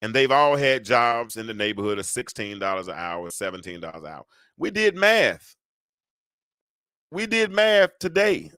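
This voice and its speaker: A man in his fifties hosting a live call-in talk show, rambling and animated as he talks back to callers and chat. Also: medium pitch, dry recording, clean studio sound. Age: 50s. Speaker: show host.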